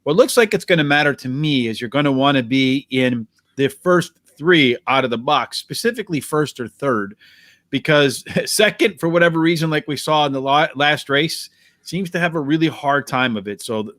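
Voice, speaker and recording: A man hosting a horse racing preview, walking through post positions, pace and jockeys in a brisk, analytical way. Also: fairly high pitch, lively intonation, fairly bright tone, no room sound, studio quality. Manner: brisk, analytical, addresses co-host by name. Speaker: racing handicapper host.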